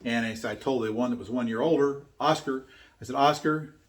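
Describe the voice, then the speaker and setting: Fast-talking and steady in tone, an older man with a medium-pitched voice presents his own method in a motivational talk. He earnestly and emphatically tells a story, coming back to his key points again and again.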